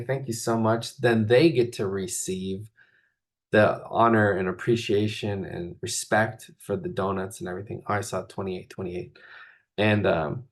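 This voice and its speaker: Rambling man in casual spiritual talk. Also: fairly low pitch. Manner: rambling, filler-heavy, full of "like". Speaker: spiritual coach and host.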